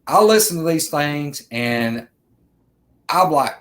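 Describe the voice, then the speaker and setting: A man's voice: on the high side, expressive, a little slow, a bit bright. Rambling storyteller man. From Alabama, US. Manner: earnest, rambling, repeats himself, addresses viewers as guys. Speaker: vlogger telling an encounter. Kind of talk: casual storytelling.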